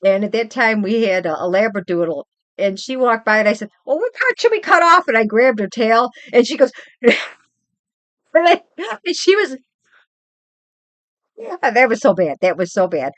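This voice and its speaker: A woman's voice: fairly high pitch, moderate pace, pauses often, no echo. Chatty grandmother streamer, dry sound. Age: older. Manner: chatty, rambling, animated storytelling. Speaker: livestream host. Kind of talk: casual chat with viewers. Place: home.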